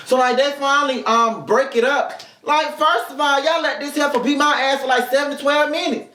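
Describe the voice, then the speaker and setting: A man's voice: extremely high pitch, brisk, hardly any pauses, bright, forceful tone. A man hosting a podcast, telling a comedic personal story in casual, profane talk and acting out the people he quotes. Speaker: podcast host. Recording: roomy echo.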